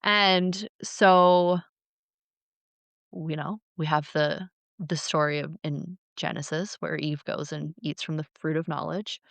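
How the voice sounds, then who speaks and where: A woman co-hosting a podcast, casually retelling ancient myths with playful, animated flair. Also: low-pitched, slow, creaky, dry recording. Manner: animated, acts out characters, playful. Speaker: podcast co-host. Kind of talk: casual storytelling chat.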